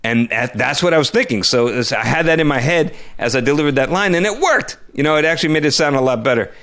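Animated man telling a story, stumbling. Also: fairly high pitch, quick pace. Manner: animated, stumbles and repeats words. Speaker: podcast co-host. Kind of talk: casual podcast storytelling.

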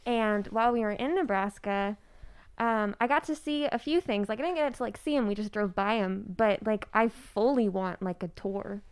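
A woman's voice: mid-range voice, normal speed, smooth. A woman not from the Midwest, chatting casually and animatedly as a cast member on a talk show. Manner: animated, rambling, many "like"s. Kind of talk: casual chat.

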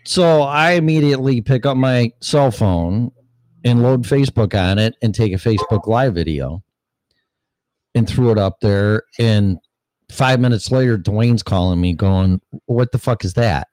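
A man's voice: mid-range voice, measured pace, a little mellow, dry recording. A man hosting a casual call-in chat, laid-back and telling a story with easy swearing. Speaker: show host.

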